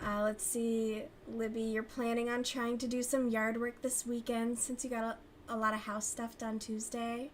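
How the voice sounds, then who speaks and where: A woman's voice: on the high side, flat delivery, normal speed, a little hiss or hum. A young woman hosting a crochet livestream, chatting casually with viewers, swearing and laughing often. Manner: profane, gossipy, laughs often. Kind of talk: casual chat with chat readers.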